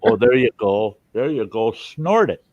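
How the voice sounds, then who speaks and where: Host, man, chatty, eats while talking, animated delivery, muffled lo-fi mic. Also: fairly low pitch, unhurried, no room sound. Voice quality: talks with his mouth full. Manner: jokey and chatty, lively. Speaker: show host. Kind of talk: casual livestream chat while eating.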